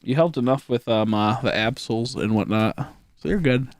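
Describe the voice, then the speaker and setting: Recorded in a clean studio without echo, this late-twenties streamer talks at a moderate pace and medium pitch. His casual chat with viewers wanders, full of laughter, curses and stammered false starts.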